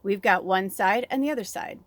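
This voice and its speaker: Middle-aged female medium, animated, frank, laughs a lot; mid pitch, dry room. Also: a little fast, dry recording. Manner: candid, swears freely, laughs often, animated. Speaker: spiritual medium and oracle reader. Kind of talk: rambling personal chat.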